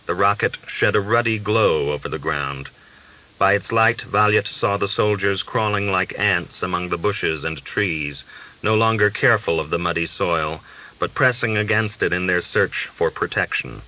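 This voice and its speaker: A man reading a novel aloud as an audiobook narrator, in a measured, steady way. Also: low-pitched. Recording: dull lo-fi audiobook recording.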